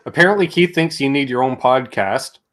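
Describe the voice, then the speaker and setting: A man hosting a casual podcast reads viewer comments aloud between stories. His voice sits at a middle pitch and his delivery stays easygoing. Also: a little fast, a bit bright. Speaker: podcast host.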